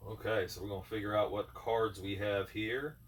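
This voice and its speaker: A man's voice: fairly low pitch, level tone, normal speed. A man casually chatting with his co-host over a card game and talking to viewers. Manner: easygoing, talks to viewers and the dog. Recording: distant mic with clear room noise.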